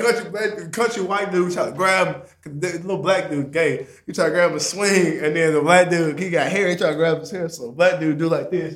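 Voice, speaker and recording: A young man telling a story in casual chat, animated and profane, acting out quotes and laughing often. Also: a little high, slight background noise.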